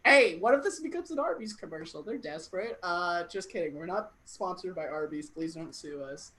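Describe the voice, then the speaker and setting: A woman's voice: fairly low pitch, animated, moderate pace, fairly bright tone, a little hiss or hum, rough recording. A young woman hosting an online comedy show, cracking puns and laughing at her own jokes over a computer mic. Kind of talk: casual stand-up hosting. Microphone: computer mic on a video call.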